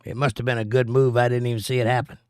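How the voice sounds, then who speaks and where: Very fast and smooth, this mid-range, darkish male voice shows little pitch movement, captured in clean studio sound with no echo. He's a plainspoken, earnest middle-aged American livestreamer, casually chatting and teaching the Bible.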